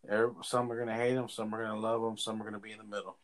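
Young male co-host, loose profane rants, slightly low voice. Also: very fast. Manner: profane, animated ranting. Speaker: podcast co-host. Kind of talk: casual chat.

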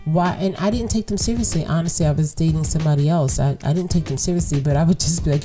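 A woman's voice: fairly low pitch, quick pace, hardly any pauses, faint music behind. A woman hosting a casual solo podcast, telling a story bluntly and with plenty of cursing, speaking straight to her listeners. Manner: blunt, profane, animated storytelling; talks straight to listeners as y'all. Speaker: podcast host.

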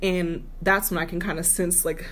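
Animated woman telling a dating story. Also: on the low side, moderate pace. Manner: animated, mimics voices in her stories. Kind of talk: casual storytelling chat. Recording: clear background noise.

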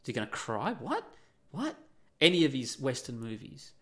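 A man's voice: medium pitch, wildly swooping pitch, normal speed. A middle-aged man hosting an opinionated monologue, blunt and profane, firing off rhetorical questions.

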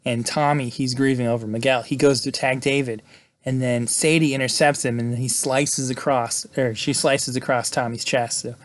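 A man giving a casual, excited movie recap, peppering his talk with "like" and "right?". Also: mid-range voice, normal speed, dry recording, clean studio sound. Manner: chatty, excited, fills with "like" and "right?". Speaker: movie reviewer.

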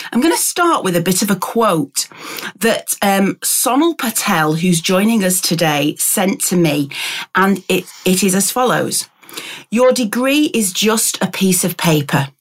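A woman in her forties hosts a podcast with eager, gushing warmth. Her voice sits at a middle pitch and she talks in an easy, chatty way. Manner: enthusiastic, gushing introductions. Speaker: podcast host. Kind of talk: warm podcast chat.

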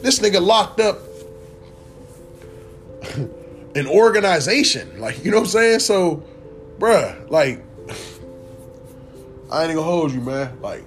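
A young man ranting casually to camera as a vlogger, animated, profane and rambling. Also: fairly high pitch, slow, long pauses, soft background music.

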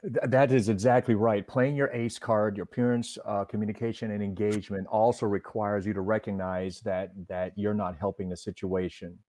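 A man who trains people in de-escalation, answering interview questions in a measured, explanatory way. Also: lowish voice, fairly even intonation, mellow, no echo. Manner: measured, explanatory, some restarts. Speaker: guest, de-escalation instructor.

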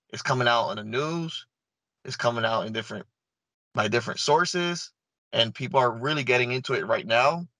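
A man with a bright, forceful tone, talking as an interview guest. He recounts his experience earnestly and casually, stumbling, repeating words and restarting his sentences. The sound is dry and close, with no room around it. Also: medium pitch, no room sound, poor audio. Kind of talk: casual first-person storytelling.

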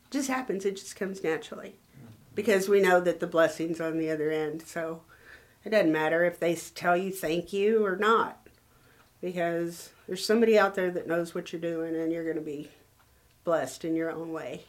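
A woman's voice: on the low side, steady tone, normal speed. A woman in her sixties from Texas, a motel manager telling heartfelt stories in a casual interview. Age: 60s. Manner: emotional, heartfelt.

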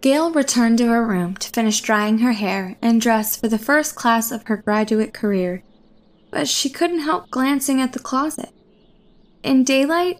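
A woman narrating a horror story in a measured, suspenseful reading. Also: fairly high pitch.

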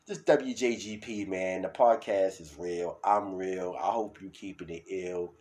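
A man with a New York accent hosting his own solo podcast, talking loud and hyped, then dropping to a mutter. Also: low voice, unhurried. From New York City. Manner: loud, hyped, swings between shouting and mumbling. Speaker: podcast host.

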